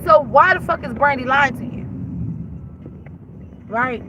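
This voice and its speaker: A woman with a high-pitched voice talks straight into the mic in a casual monologue. She retells a dispute bluntly and with plenty of swearing. A steady hiss of noise sits under her voice. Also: measured pace. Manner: blunt, profane, animated retelling with many "I said". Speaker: host. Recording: noisy background.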